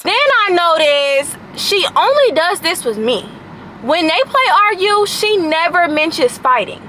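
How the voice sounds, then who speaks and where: A 21-year-old woman vlogger telling a casual storytime in an animated, slangy, sassy way. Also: very high-pitched, normal speed, no echo.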